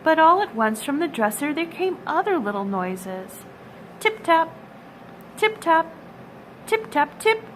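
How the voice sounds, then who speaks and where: A woman reading a children's storybook aloud in a gentle, expressive storytelling manner. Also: high voice, moderate pace, hardly any pauses, slight background noise, low-quality recording.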